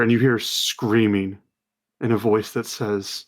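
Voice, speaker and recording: A man narrating a tabletop fantasy game as game master, telling the scene slowly and dramatically. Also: on the low side, fairly even intonation. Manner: slow, dramatic storytelling.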